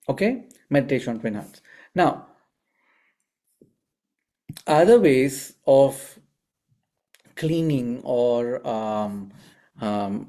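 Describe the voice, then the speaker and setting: A man giving a spiritual healing teaching. He tells stories in an animated way and often puts rhetorical questions to his listeners. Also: a little high. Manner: asks the audience frequent rhetorical questions; animated storyteller. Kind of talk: teaching talk with storytelling.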